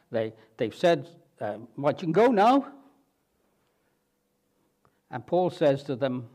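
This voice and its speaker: A man's voice: sits high, darkish tone. A man preaching a sermon, retelling a scripture story dramatically and asking his listeners questions.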